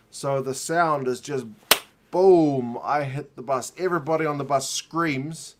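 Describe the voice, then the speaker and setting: A man hosting a rugby watch-along, casually telling a rambling, self-mocking story and often laughing at himself. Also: mid-range voice. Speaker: rugby channel host.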